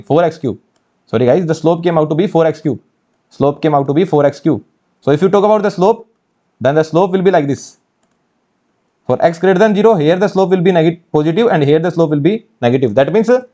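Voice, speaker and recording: A man's voice: fairly high pitch, dark tone, muffled recording. A man with an Indian English accent teaching engineering mathematics for an exam course, asking questions and answering them himself and repeating key phrases. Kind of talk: online exam-prep lecture.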